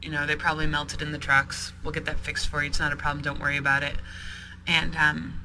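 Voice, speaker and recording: A man, a shop owner being interviewed, recounting events in a halting way with many ums and restarts. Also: a little high, completely flat delivery. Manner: storytelling with frequent ums and restarts. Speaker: sex toy store owner. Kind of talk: interview storytelling. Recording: noisy podcast recording.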